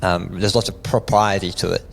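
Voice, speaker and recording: A man with an Australian accent, a fitness expert talking in a relaxed, easygoing way as a podcast guest, often calling the host "mate". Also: low-pitched, moderate pace, vocal fry, rough recording. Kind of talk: casual interview chat.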